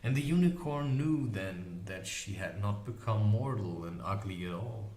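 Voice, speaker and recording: A man narrating a fantasy novel aloud in an expressive, lively storytelling manner. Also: fairly low pitch, moderate pace. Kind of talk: audiobook reading of a fantasy novel. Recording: echoey room recording with faint ambience.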